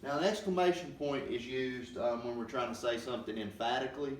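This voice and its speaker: A man giving a grammar lesson, explaining slowly and patiently with many pauses and ums. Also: medium pitch. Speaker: teacher. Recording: roomy, distant mic with faint noise.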